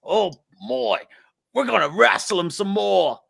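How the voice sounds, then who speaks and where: Texan guy putting on a high, loud aussie croc hunter voice, yelling crikey style, boisterous. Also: animated, unhurried, creaky, slightly rough, no echo, clean studio sound, full character voice. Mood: excited. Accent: put-on Australian. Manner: exclaiming, boisterous. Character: impression of a famous Australian wildlife showman, excitable.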